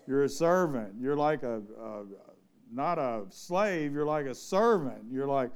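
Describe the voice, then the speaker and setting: A man's voice: medium pitch, lively intonation, normal speed, darkish tone, smooth. A man preaching an informal sermon to a small church, reading scripture and asking the congregation questions in a folksy, conversational way. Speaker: pastor.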